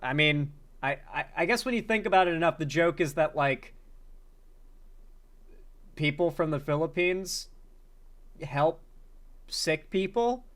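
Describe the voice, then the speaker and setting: A man's voice: on the high side, animated, unhurried, pauses often, a bit bright. A man reacting to comedy clips as a commentary host, talking bluntly and profanely with frequent incredulous outbursts.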